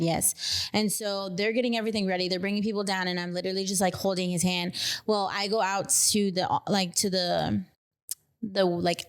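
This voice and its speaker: A young woman from Texas with a Texan accent, telling a personal story as a podcast guest, emotional and full of fillers. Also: on the low side. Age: young adult. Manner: emotional retelling, many fillers. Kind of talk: casual storytelling.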